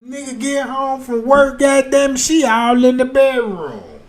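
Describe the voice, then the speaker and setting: High pitched dude on a livestream ranting a filthy funny story, loud then muttering. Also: male voice, measured pace. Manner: animated, crude, swings between loud outbursts and muttered asides. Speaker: livestream host. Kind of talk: profane comedic storytelling rant.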